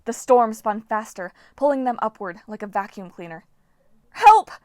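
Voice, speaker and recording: A woman narrating an audiobook in scripted style, giving the action a lively, dramatic read. Her voice sits at an everyday middle pitch. The recording is dry and close, with no room sound. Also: moderate pace, no room sound.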